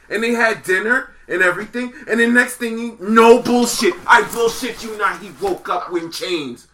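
A man, a podcast co-host, telling a story in animated casual chat, acting out quotes and swearing freely. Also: extremely high pitch, moderate pace, few pauses.

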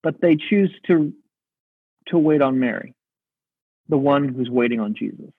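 Male pastor, sermon, husky tone, dry close sound. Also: mid-range voice, dry recording. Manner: earnest, reflective, slows for emphasis. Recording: dry, phone-like narrow sound.

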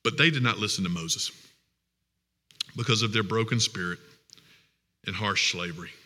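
A man preaching a sermon as pastor, with earnest, emphatic, drawn-out phrasing. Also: fairly low pitch, sharp tone, big-room sound.

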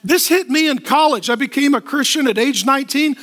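A middle-aged male pastor preaching a sermon, with emphatic rhythmic repetition and lively storytelling asides. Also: extremely high pitch, brisk.

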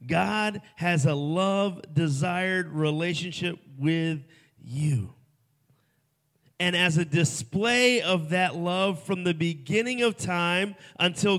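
A man preaching a sermon at a festival, swinging from hushed, soft lines to loud, emphatic ones. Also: high-pitched. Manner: dynamic, swings from hushed to shouting. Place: festival stage before a crowd.

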